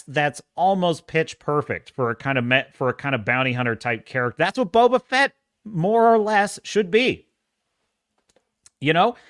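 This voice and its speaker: Male podcast host, lively and emphatic delivery, dry close sound. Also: on the high side, dry recording. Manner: animated and emphatic, with frequent restarts and profanity. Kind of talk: casual pop-culture commentary.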